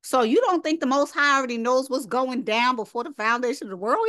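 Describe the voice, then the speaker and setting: A woman's voice: high-pitched, brisk, few pauses, bright, forceful tone, no echo, studio quality. A woman teaching a casual scripture lesson, reading verses aloud and then commenting directly to her listeners. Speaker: Bible study teacher.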